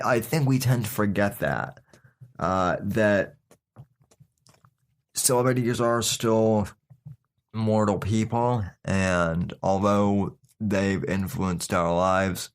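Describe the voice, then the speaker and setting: A man hosting his podcast, giving casual opinion commentary in a folksy, sarcastic way and calling his listeners folks, with many fillers and restarts. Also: lowish voice. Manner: halting, with frequent fillers and restarts. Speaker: podcast host.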